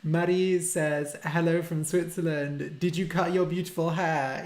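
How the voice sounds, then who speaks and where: A man's voice: a little high, steady tone, unhurried, hardly any pauses. A man, a language teacher hosting a casual live-stream Q&A, reading out viewer questions and explaining simple words for learners. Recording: roomy echo.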